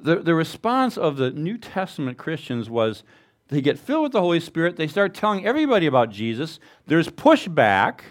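A male pastor delivers an informal, conversational sermon. His voice moves lively up and down in pitch, and his plain, everyday phrasing is broken up by self-deprecating asides. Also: fairly quick.

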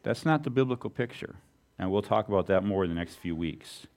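A man preaching a sermon as a pastor, animated and asking the congregation rhetorical questions. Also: lowish voice, fairly quick.

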